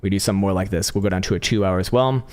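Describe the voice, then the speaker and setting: A man's voice: low-pitched, racing, a little mellow. A young man hosting a crypto trading livestream, talking through charts in a blunt, profane, casual way and laughing often. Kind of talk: casual live chart analysis.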